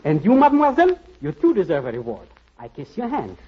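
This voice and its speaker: A man's voice: high-pitched, huge pitch swings, fast, slightly rough, heavily acted. An actor playing a pompous, overly courtly male singer in a 1940s radio comedy, talking in a theatrical, flowery way. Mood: grand. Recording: dull old radio broadcast.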